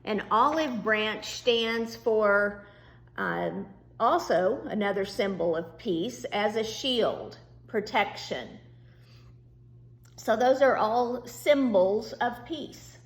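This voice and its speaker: A woman teacher talks slowly and patiently, explaining things step by step for young children. Her voice is mid-pitched. It rings in an echoey room. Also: animated. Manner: slow, patient, reassuring explanations. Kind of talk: virtual class lesson to young students.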